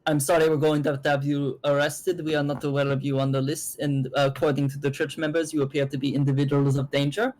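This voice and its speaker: A man voicing armored guards making an arrest in a tabletop game, flat and official. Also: fairly high pitch, quick pace, hardly any pauses, lightly acted. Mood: stern.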